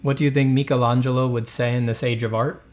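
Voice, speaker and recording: A man's voice: mid-range voice, level tone, quick pace, a little mellow. A man hosting a casual art chat, rambling, with many fillers and restarts. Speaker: artist and channel host.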